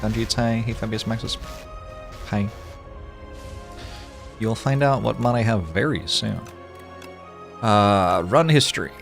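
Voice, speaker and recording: A man on a livestream, chatting casually with viewers and greeting them one by one, with sudden loud mock-outraged outbursts. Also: fairly low pitch, unhurried, creaky, pauses often, soft background music. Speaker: streamer.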